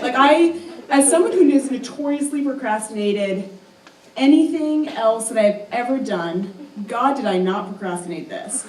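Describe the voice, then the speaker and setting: A young woman tells a personal story live on a stage, chatty and self-mocking, her speech full of "um" and "like". Her voice sits a little high, and it comes from some way off in a roomy hall with a faint hiss behind it. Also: distant mic. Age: young adult.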